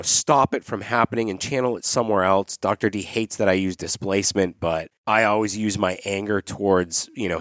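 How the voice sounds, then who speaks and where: A male podcast co-host talks in a chatty way and slips into personal stories between questions. His voice is fairly low. The recording is dry and close. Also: no room sound. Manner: chatty, storytelling, animated asides. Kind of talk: conversational interview.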